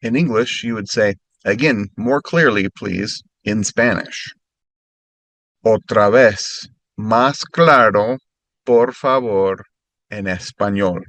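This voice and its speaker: A man teaching a recorded language lesson, giving clear instructions and slowing right down when he models practice phrases. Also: fairly low pitch, a bit bright, no room sound.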